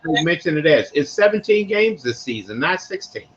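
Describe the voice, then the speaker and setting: Older man, Baltimore accent, rambling slangy host, high-pitched, dull lo-fi sound. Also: normal speed. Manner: rambling, animated storytelling with slang. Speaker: podcast host. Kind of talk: casual sports talk. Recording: dull lo-fi recording.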